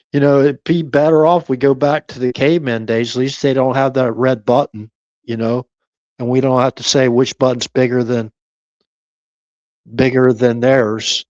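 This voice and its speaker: Slow, rambling live stream host. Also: male voice, medium pitch, dry recording, muffled recording. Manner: meandering, chuckling, talks half to himself; keeps voice down at times. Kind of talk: rambling late-night live stream chat.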